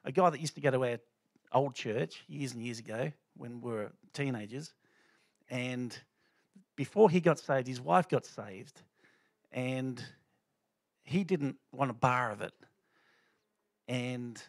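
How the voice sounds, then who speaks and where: A man's voice: medium pitch, slow pace, long pauses, dry recording. A middle-aged man giving an informal church testimony, talking loosely with many fillers and restarts. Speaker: lay speaker sharing a testimony.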